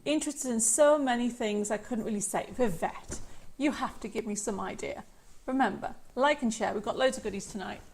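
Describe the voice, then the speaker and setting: A woman's voice: a little high, fairly quick, vocal fry, darkish tone, slight background noise. A chatty woman hosting a live craft show, bubbly as she rambles through greetings and reads out viewer comments. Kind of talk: live-stream chat reading viewer comments. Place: home studio.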